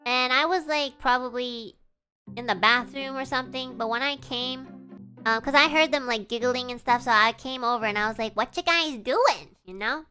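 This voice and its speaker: Young woman streamer, bright and a touch high, chatty and giggly storytelling. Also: moderate pace, soft background music. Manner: giggly, animated, full of "like" and "you know". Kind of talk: casual storytelling on a live stream.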